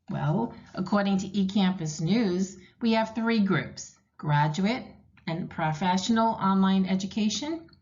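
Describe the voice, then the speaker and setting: New england lady reading a presentation pitch, clear and measured, kinda muffled lo-fi audio. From Rhode Island, USA. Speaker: university technology director presenting. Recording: dull lo-fi recording.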